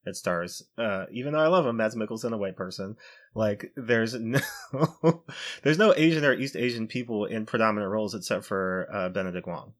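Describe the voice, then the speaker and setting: A man's voice: lowish voice, normal speed. A man hosting a casual podcast discussion, building his points steadily and checking in with "right?".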